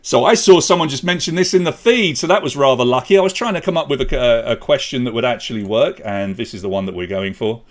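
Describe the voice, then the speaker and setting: A man's voice: medium pitch, animated, fast talker, few pauses. A man hosting a live online pub quiz, chatty and jokey as he reads out questions and scores. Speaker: quiz host.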